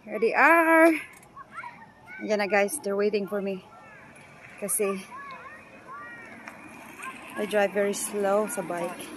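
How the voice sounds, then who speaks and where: A woman's voice: mid-range voice, slow, pauses often, fairly bright tone, a little hiss or hum, low-quality recording. A woman chatting casually to her viewers on a phone while out on a bike ride and at a park. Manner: chatty, mixes English with Tagalog. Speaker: vlogger. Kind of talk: casual vlog narration while biking.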